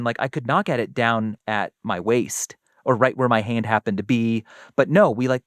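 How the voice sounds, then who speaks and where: A man's voice: medium pitch, dry recording, clean studio sound. A man co-hosting a casual science chat, talking through ideas and acting out little quoted exchanges. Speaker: co-host.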